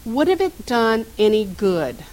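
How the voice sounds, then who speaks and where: A woman's voice: a little high, very animated, a little slow, a little mellow, poor audio. A middle-aged woman minister preaching a sermon, telling stories and asking the congregation questions. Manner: storytelling, asks the congregation questions.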